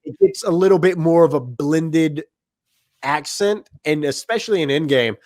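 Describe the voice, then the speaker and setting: Jokey guy in his 30s on a movie podcast, right up on the mic, dry sound, bit high. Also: darkish tone, no room sound. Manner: playful, jokey, does quick impressions. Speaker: podcast co-host. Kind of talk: casual movie chat. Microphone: close to the mic.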